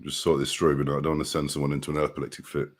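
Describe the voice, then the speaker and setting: A man's voice: very deep voice, completely flat delivery, rapid-fire. A man who drives trucks, casually chatting on a live stream, reading out viewer comments, greeting people by name and laughing often.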